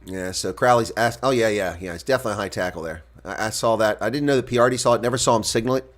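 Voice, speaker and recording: A man calls a rugby match live on his own, shifting from easygoing play-by-play and chatting with stream viewers to shouting when big plays happen. His voice sits lowish and he talks quickly.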